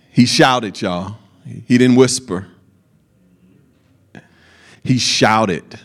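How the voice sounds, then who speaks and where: A man preaching a sermon, slow and emphatic, with folksy asides to the congregation. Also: mid-range voice.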